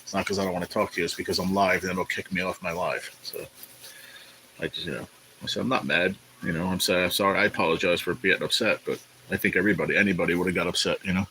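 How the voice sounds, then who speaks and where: A man hosting a casual live stream, rambling in a laid-back way and greeting viewers by name, sounding tired and low on energy. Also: fairly even intonation, fast, bright, forceful tone, slight background noise, low-quality recording. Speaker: livestream host. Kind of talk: casual livestream chat.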